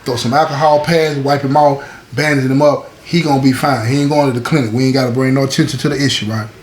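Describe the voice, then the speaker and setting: A man's voice: mid-range voice, steady tone, fast talker. A man hosting his own show, telling a story in a casual, conversational way, often checking in with "right?". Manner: conversational, frequent "right?" and "you know what I'm saying". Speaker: host. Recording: echoey room with faint ambient noise.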